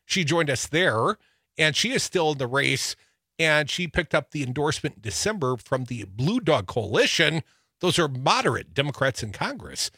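Husky, lively talk radio man from Wisconsin. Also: on the high side, moderate pace, no room sound, studio quality. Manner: wry, teasing news rundown with asides. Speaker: radio show co-host. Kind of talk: political talk radio banter.

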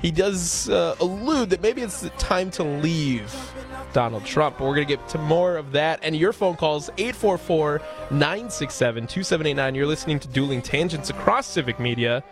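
A man's voice: on the high side, expressive, moderate pace. Male talk radio host, faint music bed.

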